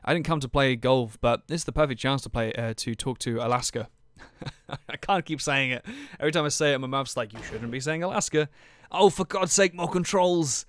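A young man with a medium-pitched, fairly bright and slightly dry voice talks through a video game at a moderate pace. He's a let's play gamer giving casual commentary, cracking jokes, swearing, and stumbling through stammering restarts.

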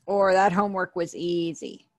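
A woman's voice: on the low side, flat delivery, moderate pace, no echo. A woman teaching an online sign language class, patiently explaining and repeating each word.

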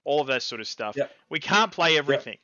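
Яркий, бойкий австралиец, ведущий подкаста. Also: male voice, mid-range voice, fast, no echo, muffled recording. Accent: Australian. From Australia. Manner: excitable, rambling, swears casually. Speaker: podcast co-host. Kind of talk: casual live-streamed podcast chat.

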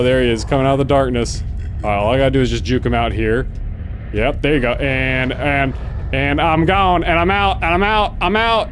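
A man playing a horror video game and commenting as he goes, yelping and laughing at the scares and muttering quietly in between. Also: slight background noise. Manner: jumpy, yelps and laughs at scares, then mutters low. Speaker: gaming video host. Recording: faint game music behind.

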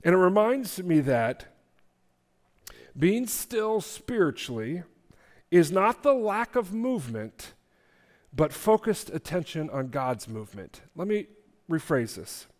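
A man's voice: fairly high pitch, big pitch swings, takes it slowly. Earnest male pastor preaching in a reverberant church. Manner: earnest, repeats key phrases, drops soft for quoted words. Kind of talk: sermon. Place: church sanctuary. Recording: church hall with long reverb.

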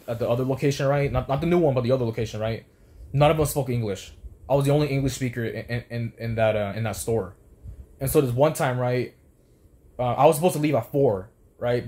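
Young guy ranting fast, cussing a lot, keeps restarting his sentences, annoyed. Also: mid-range voice, darkish tone. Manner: rambling, heated, lots of restarts and swearing. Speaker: former fast food worker. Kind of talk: profane storytelling rant.

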